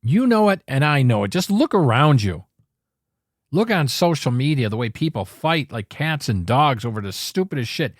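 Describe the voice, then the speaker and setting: A man's voice: mid-range voice, big pitch swings, normal speed, dry recording, studio quality. A man hosting a political talk show, ranting with angry, sarcastic emphasis and frequent swearing.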